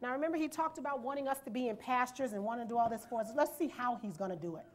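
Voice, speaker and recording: A woman's voice: a little high, racing. A woman preaching a sermon in a church, reading scripture verse by verse and asking the congregation rhetorical questions and "amen?". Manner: rhetorical questions and call-and-response, asks "amen?"; reads scripture aloud and explains it verse by verse.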